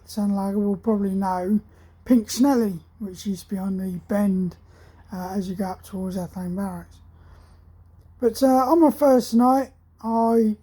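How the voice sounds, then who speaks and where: Woman, 60s, army veteran, husky mellow voice, rambling casual storyteller. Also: a little high, low-quality recording. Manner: rambling, hesitant, with many ums and restarts. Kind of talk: casual spoken anecdote.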